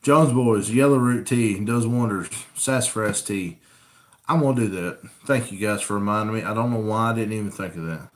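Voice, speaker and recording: Through a camera rig mic, the host of a coon hunting channel reads viewer comments aloud while chatting easily in a casual live-stream Q&A. He has a lowish voice and talks at a normal speed.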